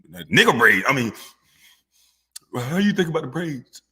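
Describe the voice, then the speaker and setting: A man in a lively comedic rant, mocking and profane, his pitch swinging widely. His bright, slightly husky voice carries a long reverb from the room. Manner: animated, mocking and profane, with drawn-out hums.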